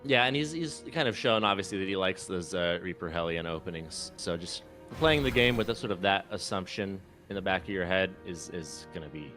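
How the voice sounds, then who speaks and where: A man's voice: deep voice, lively intonation, a little fast, few pauses, music in the background. A man co-casting a strategy game in a dry, easygoing manner. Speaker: co-caster. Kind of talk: casual game commentary.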